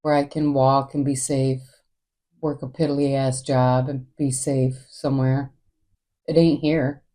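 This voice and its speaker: A woman's voice: very deep voice, level tone, slow, dark tone. A woman hosting her own podcast, talking alone in a candid, rambling way and swearing freely. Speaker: podcast host. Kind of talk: casual solo monologue.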